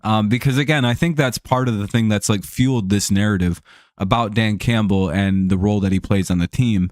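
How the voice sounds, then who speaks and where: Young dude streaming football talk, kinda low voice, swears a lot, um-heavy, super dry close sound. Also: male voice, a little fast, darkish tone, no room sound. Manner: rambling, profane, many fillers and restarts; answers chat viewers by name. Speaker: streamer hosting a sports chat show. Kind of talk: casual livestream sports talk.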